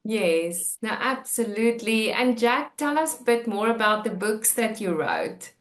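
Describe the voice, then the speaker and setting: A woman's voice: fairly high pitch, expressive, unhurried, roomy sound. A woman hosting an interview, encouraging her guest and laughing often. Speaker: interview host. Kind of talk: casual interview talk.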